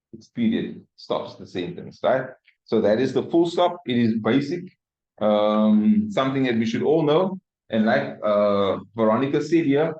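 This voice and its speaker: A man with a fairly low voice teaches a class at an easy pace and keeps checking that his listeners follow. The recording sounds echoey and a little dull, made in a church hall. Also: darkish tone. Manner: patient explainer, checks in with "right?" and "no?". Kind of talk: classroom lesson.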